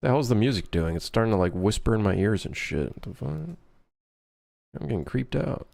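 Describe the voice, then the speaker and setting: A man developing a game on a live stream, chatting casually, joking and swearing as he thinks out loud. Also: on the low side, expressive, quick pace, creaky. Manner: rambling, jokey, swears freely, thinks out loud.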